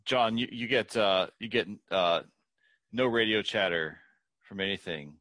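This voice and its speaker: A man running a tabletop game as game master, reporting events haltingly with many uh's. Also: fairly low pitch, bright, forceful tone, no room sound.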